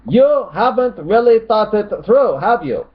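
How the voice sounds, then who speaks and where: A man puts on a condescending online commenter who sneers and lectures. The voice sits noticeably higher than his own. The sound is slightly muffled and lo-fi. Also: big pitch swings, a little slow. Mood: scornful.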